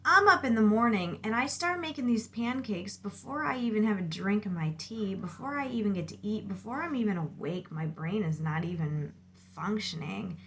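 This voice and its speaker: A woman's voice: medium pitch, animated, moderate pace, few pauses, a bit bright, a little hiss or hum. A woman in her thirties venting in a rambling, casual monologue about her kids, exasperated and filler-heavy. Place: outdoors near a lawnmower.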